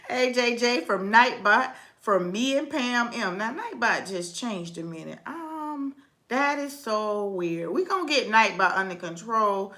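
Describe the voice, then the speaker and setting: A woman hosting a casual livestream chat, animated and playful, reading comments aloud and repeating words in a sing-song way. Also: a little high, slow. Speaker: livestream host.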